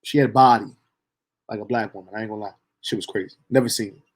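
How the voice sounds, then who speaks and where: A young man telling a story from his own life in a casual, animated, profane way. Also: lowish voice, quick pace. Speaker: storyteller streamer.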